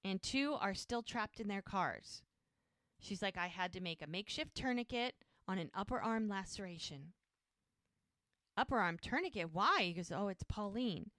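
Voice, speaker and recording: A woman co-hosting a rewatch podcast, chatting casually through the plot. She slips into animated character voices for the quotes. The sound is close and dry, with no room around her. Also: mid-range voice, normal speed, dry recording. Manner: animated retelling, acts out character lines. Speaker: podcast co-host. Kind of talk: casual episode recap.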